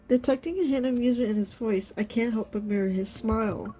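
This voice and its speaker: A woman's voice: fairly high pitch, fast talker, hardly any pauses, dark tone, faint music behind. A woman streamer reacting to a game, reading its lines aloud and gushing, often exclaiming and trailing off mid-sentence.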